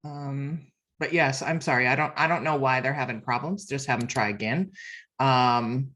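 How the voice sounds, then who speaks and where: A woman's voice: a bass voice, moderate pace, fairly bright tone. A woman filling in as host of a video call, chatty and self-deprecating, laughing often. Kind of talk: casual video call chat.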